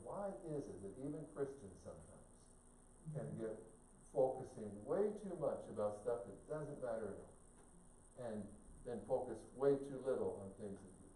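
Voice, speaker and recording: An older man preaching a sermon as a guest speaker, telling stories with humor and shifting into a higher voice when he quotes people. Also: warm tone, slight background noise. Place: church sanctuary. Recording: echoey sanctuary from a distance.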